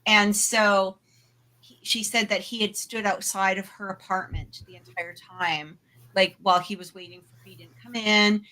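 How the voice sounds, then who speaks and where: A woman's voice: medium pitch, fairly even intonation, unhurried, pushed and bright. A woman co-hosting a paranormal talk show, casually telling a personal story with lots of fillers and asides. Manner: chatty, full of fillers and asides; laughs readily while telling. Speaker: podcast co-host.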